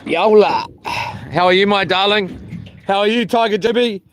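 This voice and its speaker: Slow-talking New man on a boat. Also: sits high, fairly bright tone, slight background noise. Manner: rambling, joking, many ums. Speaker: fishing livestreamer. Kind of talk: casual chat to a live chat. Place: small boat out on the water.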